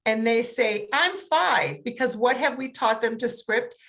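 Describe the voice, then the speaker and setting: A woman coach on a panel, explaining in a lively way and acting out examples with big changes in intonation. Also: a little high, normal speed. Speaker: autism communication coach. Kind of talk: panel discussion.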